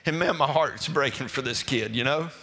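A man, a pastor, tells a folksy testimony to his congregation, animated and stumbling over repeated words. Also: mid-range voice, normal speed. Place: church sanctuary. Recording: reverberant hall with faint music.

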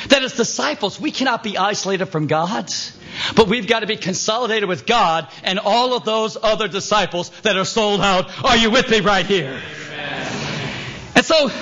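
Lively bright-voiced preacher man. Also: high voice, breathy edge, dull audio. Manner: animated storytelling, acts out scenes, asks the crowd for assent. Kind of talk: sermon with anecdotes.

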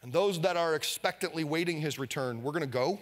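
High-voiced energetic preacher man. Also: brisk, big-room sound. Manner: energetic, leads the congregation in call-and-response. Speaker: pastor. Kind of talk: sermon. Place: church sanctuary.

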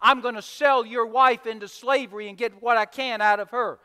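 A man voicing a stern, demanding king who rattles off threats in rapid bursts, with long hall reverb. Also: very high-pitched, fairly even intonation, pushed and bright, clear, resonant tone. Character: stern demanding wealthy king, male, adult.

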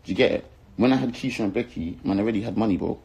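Young man, south london accent, very low husky voice, furious sweary rant. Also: racing, a little mellow, poor audio. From London, England. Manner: angry, insulting, swearing, repeating himself. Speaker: rapper. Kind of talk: heated rant to camera.

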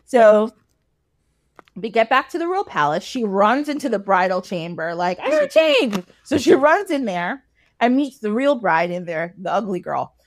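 A woman's voice: mid-range voice, no room sound, clean studio sound. A woman podcast host casually retelling a fairy tale, laughing often and acting out the characters. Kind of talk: casual storytelling chat.

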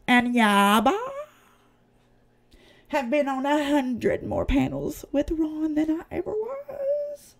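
A woman with an East Tennessee Southern accent talks straight to her livestream chat in a blunt, profane rant. Her pitch swings widely up and down as she vents and jabs. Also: lively intonation, slow pace. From United States. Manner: blunt, profane, heated ranting. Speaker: channel host. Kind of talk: casual livestream commentary.

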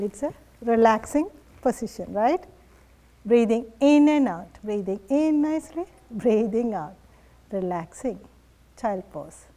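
A woman yoga instructor guiding a family class in a gentle, encouraging way, often laughing softly. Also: fairly high pitch.

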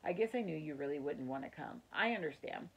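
A woman reading a gentle young boy, husky voice. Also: low voice, lively intonation, brisk, full character voice, poor audio.

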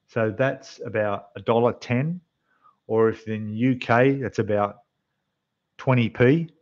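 A man with an Australian accent hosting a casual model-building livestream, chatting away to viewers in a slightly rough voice. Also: medium pitch, fairly even intonation, takes it slowly, darkish tone, muffled recording. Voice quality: rough, losing its depth. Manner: chatty, rambling, talks to the chat while building. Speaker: scale model livestream host. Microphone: desk microphone, quieter when turned away.

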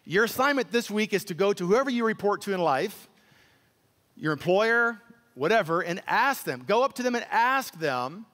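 Male pastor, high-pitched, emphatic preacher who repeats words and acts out voices, long hall reverb. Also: big pitch swings, normal speed, fairly bright tone. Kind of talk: sermon.

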